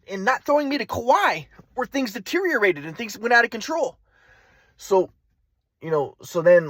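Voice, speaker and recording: A man's voice: high-pitched, fairly bright tone, no echo. A man telling a personal story in a rambling, agitated, profane monologue. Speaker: vlogger.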